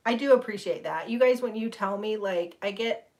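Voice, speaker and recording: A woman's voice: medium pitch, moderate pace, darkish tone. Chatty woman hosting a livestream. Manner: chatty and rambling, with laughs and many restarts. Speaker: livestream host. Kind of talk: casual chat with live viewers.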